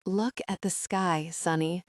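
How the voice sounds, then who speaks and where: Woman voicing a gentle young man, breathy and tender, dry audiobook read. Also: lowish voice, fairly even intonation, slow pace, dry recording. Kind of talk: audiobook narration.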